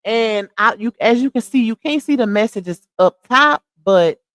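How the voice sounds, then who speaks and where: A woman's voice: fairly high pitch, animated, unhurried, a bit bright, no echo. A woman hosting a casual livestream, chatting straight to her viewers and laughing often. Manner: laughs often while talking. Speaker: livestream host.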